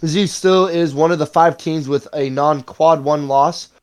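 A young male co-host with a slightly higher voice, chatting about sports in an easygoing, rambling way. He often backs up and corrects himself mid-sentence. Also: fairly even intonation, moderate pace, darkish tone, clean tone. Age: young adult. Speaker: podcast co-host. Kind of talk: casual sports podcast chat.

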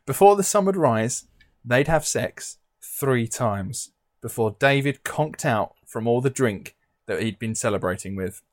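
A man's voice: mid-range voice, lively intonation, measured pace, no room sound, studio quality. A man hosting a podcast, telling a story in a casual way with frequent laughs and fillers. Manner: laughs often, many "um, now" fillers. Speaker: podcast host.

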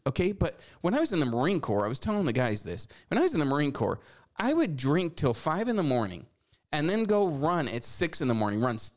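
Man in his forties, talk host, lively pitch, sarcastic, scolding. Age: 40s. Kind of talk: opinion commentary.

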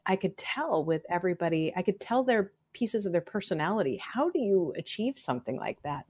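A woman's voice: medium pitch, animated, fairly quick, darkish tone, husky. A woman hosting an interview, asking effusive, rambling questions full of compliments. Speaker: interviewer host. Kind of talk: casual interview.

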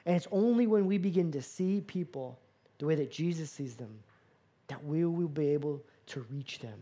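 A man preaching a sermon as a pastor, animated, acting out dialogue with playful asides. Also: on the high side, moderate pace.

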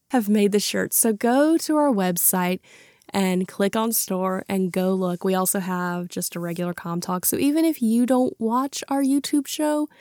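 Chatty lady hosting a podcast, animated retelling of movie scenes, dry sound no room. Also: mid-range voice, no room sound. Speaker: podcast host. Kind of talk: casual movie review chat.

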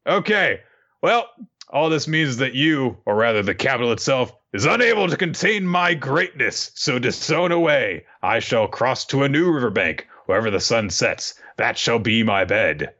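A man's voice: mid-range voice, very animated, normal speed, bright, forceful tone, lo-fi sound, voice pushed up. A man putting on the voice of a boastful, carefree young samurai lord who speaks in a grand, declaiming way. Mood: grandiose.

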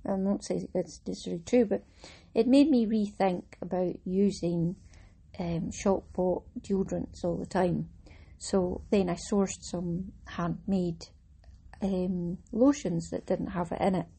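A woman's voice: on the low side, steady tone, a little slow, dark tone, breathy edge. A woman hosting a casual craft podcast, chatting in a rambling, self-mocking way with fillers. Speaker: podcast host. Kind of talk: casual chat.

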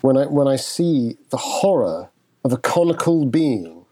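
A man's voice: medium pitch, very animated, measured pace, noisy background. A man playing in a tabletop game, describing his character's actions with wry storytelling. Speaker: player. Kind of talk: in-character tabletop role-play.

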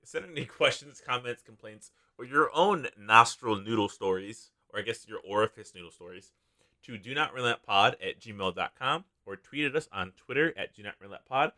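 A man's voice: fairly low pitch, moderate pace, sharp tone. A man hosting a casual podcast, joking around and wrapping up the episode. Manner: joking, self-mocking sign-off. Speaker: podcast host.

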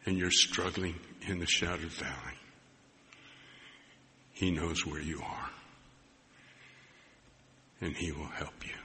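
A man preaching a sermon, telling a personal story, acting out the dialogue and dropping to soft near-whispers at tender moments. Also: low-pitched. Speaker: pastor. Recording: long hall reverb with faint background noise.

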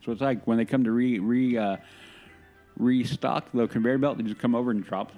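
A man's voice: medium pitch, steady tone, normal speed, highs cut off, faint music behind. A man co-hosting a podcast, telling a long, enthusiastic, rambling story in casual chat. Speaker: podcast co-host.

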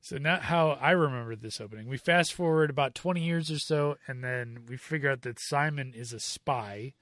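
A man co-hosting a casual movie review podcast, jokey and quick to laugh. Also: mid-range voice, a bit bright, no echo, studio quality. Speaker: podcast co-host.

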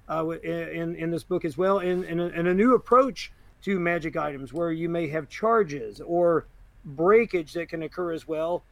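Podcast co-host, male, high voice, loose and rambling, dry studio sound. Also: vocal fry, dry recording. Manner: rambling, many fillers and restarts. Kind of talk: casual chat reviewing a game book.

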